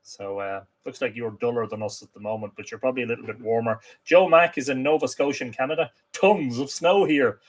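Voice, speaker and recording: A man's voice: medium pitch, a little fast, hardly any pauses. A man hosting a casual livestream, reading out viewer comments and greeting them in a chatty, welcoming way. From Ireland. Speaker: livestream host.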